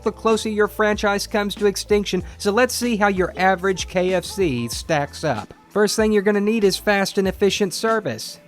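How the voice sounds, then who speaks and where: Sarcastic high-voiced man ranting. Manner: sarcastic, emphatic slangy delivery. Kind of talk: scripted commentary.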